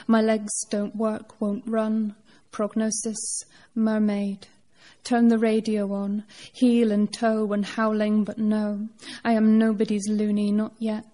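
A woman poet reads her work aloud at a live event. Her delivery is measured and deliberate, with a flat, even pitch. Her tone is mellow and dark. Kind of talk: live poetry reading.

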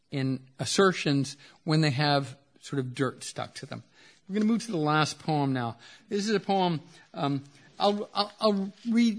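A man giving a lecture on poetry, talking in quick bursts that slow into trailing asides. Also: fairly high pitch. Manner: reading poems aloud with expressive dips in volume.

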